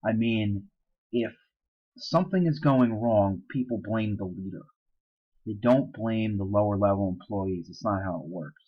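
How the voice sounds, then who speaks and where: A man's voice: fairly low pitch, unhurried, dull audio. A man teaching social studies in a casual, explanatory recorded lecture, with fillers and asides.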